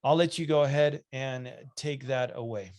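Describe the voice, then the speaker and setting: A man's voice: medium pitch, moderate pace, a little mellow. Chatty male podcast host. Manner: conversational, reads aloud with asides and restarts. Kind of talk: casual podcast chat reading listener questions.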